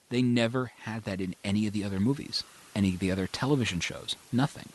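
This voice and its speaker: Male podcast host, lower voice, eager and opinionated in casual film chat. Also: fast talker, few pauses. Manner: enthusiastic, opinionated. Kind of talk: casual movie discussion.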